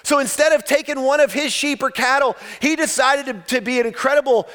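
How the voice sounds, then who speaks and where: A male pastor preaching a sermon, retelling a story dramatically, swinging from loud outbursts to hushed lines. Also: extremely high pitch, a little fast.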